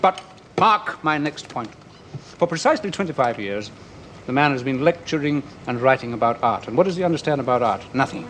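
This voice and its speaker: A man's voice: medium pitch, animated, a little fast, fairly bright tone, close to an everyday voice. An actor playing a bitter, envious middle-aged man who mocks others with theatrical scorn, in a 1970s television play. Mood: sardonic. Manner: sardonic, mocking, theatrical. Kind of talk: 1970s television drama acting. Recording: old television sound with faint hiss.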